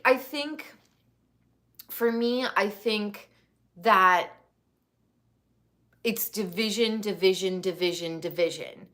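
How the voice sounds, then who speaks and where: A woman's voice: a little high, sharp tone. An American woman in her thirties hosting a casual live stream, speaking candidly and swearing freely while talking to her chat. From United States. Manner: candid, profane, talks to chat viewers. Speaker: livestream host.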